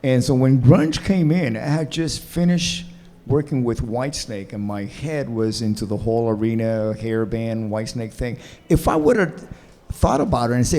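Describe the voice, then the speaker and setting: A man's voice: medium pitch, animated, moderate pace, warm tone. A man in his sixties from Cuba with a Cuban-New Jersey accent, chatting and telling stories as a guest on a convention panel. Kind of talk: casual storytelling on a convention panel.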